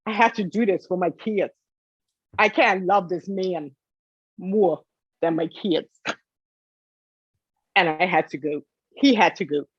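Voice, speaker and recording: A woman's voice: fairly low pitch, slow pace, pauses often, slightly rough, no echo, muffled recording. A woman guest telling her own story with emotion, tearful and pleading, repeating herself for emphasis. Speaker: interview guest.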